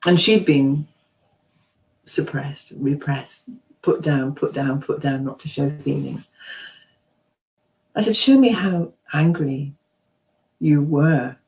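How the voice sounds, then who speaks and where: A woman's voice: low voice, takes it slowly, pauses often, low-quality recording. A middle-aged British woman, a psychotherapist, telling chatty anecdotes with ums and laughs as an interview guest. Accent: British English. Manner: chatty, warm storytelling with frequent ums and laughs; acts out quoted voices.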